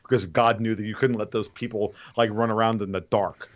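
A man in casual opinionated chat, rambling and animated, restarting often. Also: on the low side, a little fast, highs cut off.

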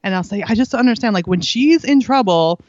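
Speaking quickly with a fairly high, lively voice that's a little mellow, this middle-aged woman recounts earnest stories on a parenting interview, voicing other people's lines and laughing a lot. The sound is lo-fi, with no echo.

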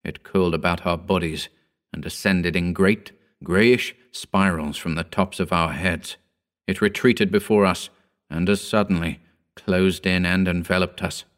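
Deep guy reading a creepy story, slow and grave. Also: fairly even intonation. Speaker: narrator. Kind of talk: horror audiobook reading.

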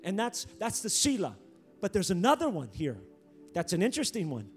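A man preaching a sermon, emphatic, repeating phrases and rising to near-shouts. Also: sits high, wildly swooping pitch, brisk, faint music behind.

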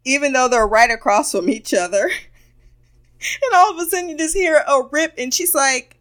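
A woman's voice: high voice, moderate pace, a bit bright. A woman giving a casual, playful recap of a cartoon episode, amused as she retells the scenes. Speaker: show reviewer.

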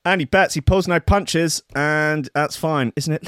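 A man's voice: fairly high pitch, animated, takes it slowly, a bit bright, dry recording, studio quality. A man hosting a radio show, ranting sarcastically and swearing as he reads and mocks news stories. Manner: sweary, sarcastic rants with mock outrage. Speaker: radio host.

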